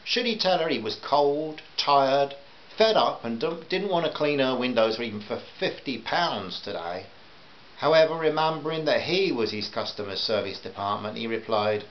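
A man's voice: medium pitch, expressive, moderate pace. A man reading a humorous short story aloud in a dry, wry manner. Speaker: narrator. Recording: dull lo-fi home recording with hiss.

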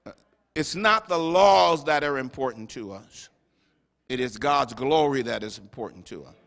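A bishop preaches a lively, joking sermon in a bright, gravelly voice pitched a little high, at normal speed. He's animated and humorous, with playful asides and acted-out quotes. Through a stage mic in a large church sanctuary, it rings out with a long reverb.

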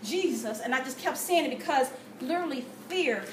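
Woman, high voice, church testimony, animated storytelling, echoey room, distant mic, noisy. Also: brisk. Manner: animated storytelling with gasps and quoted prayers. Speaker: testimony speaker. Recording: echoey room from far off with noise.

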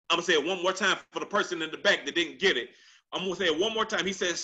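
A man's voice: high voice, sharp tone, poor audio. A man preaching a Sunday sermon in church, repeating lines for emphasis and stretching out scripture quotes. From United States. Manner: drawn-out, swooping delivery on quoted scripture. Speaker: pastor. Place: church sanctuary. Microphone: handheld microphone.

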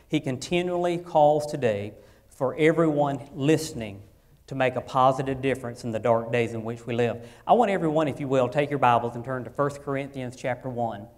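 A man preaching a sermon, his voice swelling louder on key phrases and dropping low between, with frequent restarts. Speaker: pastor.

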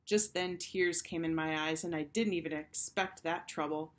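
A woman teacher reading a children's storybook aloud with expressive first-person storytelling. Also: low-pitched, normal speed, hardly any pauses.

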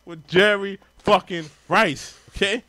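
A man's voice: sits high, steady tone, slow pace, sharp tone, slight background noise. A man, heatedly ranting and swearing through casual podcast commentary. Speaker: podcast co-host.

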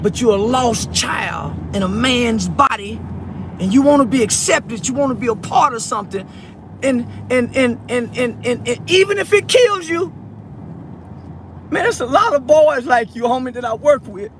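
Tearful high-voiced man, stammering. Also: animated, normal speed, background noise. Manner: stammering repetitions, heartfelt and pleading. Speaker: online personality addressing a peer. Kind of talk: emotional direct-to-camera monologue.

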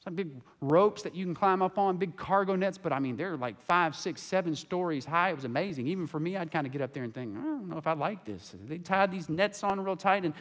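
Guy pastor preaching in church, kinda high voice, goes from real quiet to loud. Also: animated, fairly quick, few pauses. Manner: impassioned preaching that swings between hushed and loud. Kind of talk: sermon. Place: church sanctuary.

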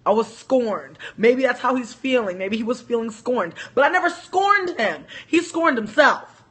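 A woman telling a story on a casual livestream, animated, joking and profane. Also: a little high, moderate pace, slightly rough. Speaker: livestream host.

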